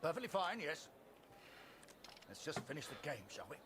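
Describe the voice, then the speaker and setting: An actor voicing a reserved army major who speaks in a clipped, evasive way. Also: male voice, a little high, lively intonation, moderate pace, fairly bright tone, slightly rough. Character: reserved British army major, a photographer's employer.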